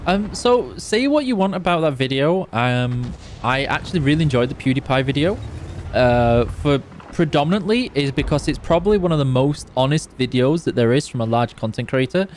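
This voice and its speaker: A man's voice: medium pitch, slight background noise. Tired, chatty man streaming. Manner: chatty, reads chat aloud, hums along while playing. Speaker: game streamer on official channel. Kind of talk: casual live-stream chat while gaming.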